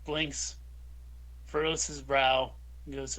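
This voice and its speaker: A man's voice: medium pitch, fairly even intonation, takes it slowly, a bit bright, poor audio. A man narrating his character's actions in a tabletop game, hesitant and full of fillers. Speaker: player.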